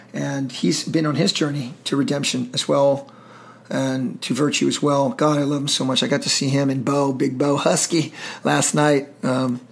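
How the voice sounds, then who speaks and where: A man's voice: medium pitch, gravelly. A middle-aged man telling war stories in an interview, intense, emotional and profane. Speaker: guest, military veteran. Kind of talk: storytelling interview.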